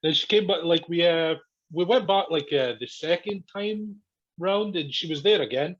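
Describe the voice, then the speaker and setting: A man's voice: fairly high pitch, moderate pace. Swearing man telling a story. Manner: profane, laughing storyteller acting out quotes. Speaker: podcast guest. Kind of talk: casual storytelling chat. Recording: dull lo-fi podcast audio.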